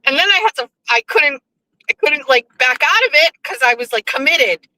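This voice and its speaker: A woman's voice: high voice, animated, normal speed, sharp tone, no room sound, low-quality recording. A woman hosting a show, telling a casual story in a chatty, profane way full of fillers. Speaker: radio show host.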